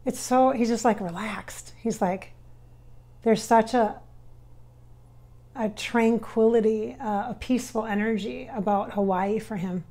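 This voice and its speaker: A woman working as a spirit medium, talking her viewers through a casual channeling session in a halting, filler-heavy way. She often drops into soft, near-whispered asides. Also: a little high.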